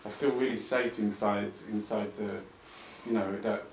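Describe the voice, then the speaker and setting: A man's voice: on the low side, steady tone, moderate pace, gravelly, a little mellow, a little hiss or hum. Impassioned rambling man at a talk. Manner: rambling and impassioned, with frequent restarts and swearing. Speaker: artist giving a talk. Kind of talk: informal talk to an audience. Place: arts club venue, talking to a live audience. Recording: roomy venue sound, mic at a distance.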